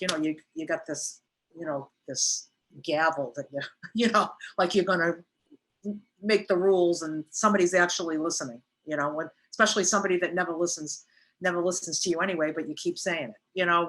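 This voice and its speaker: A woman's voice: on the low side, brisk, fairly bright tone, poor audio. A middle-aged woman, a recovery sponsor, explaining in casual teaching talk and acting out little scenes in a raised voice.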